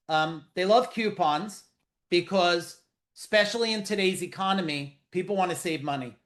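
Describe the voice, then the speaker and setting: A middle-aged man hosting a live business webinar over a video call, talking casually, bluntly and profanely with lots of jokes. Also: high-pitched. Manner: blunt, profane, animated and joking.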